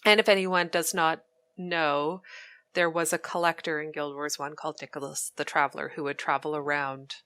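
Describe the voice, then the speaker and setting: A woman co-hosting a gaming podcast, animated and quick to laugh and react. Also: low voice. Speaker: podcast co-host. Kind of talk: casual gaming podcast chat.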